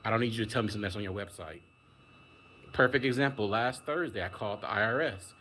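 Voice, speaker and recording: A man's voice: lowish voice, fast, pushed and bright, a little hiss or hum. A man delivering a casual, emphatic monologue rant, exasperated and acting out the people he quotes. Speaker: vlogger.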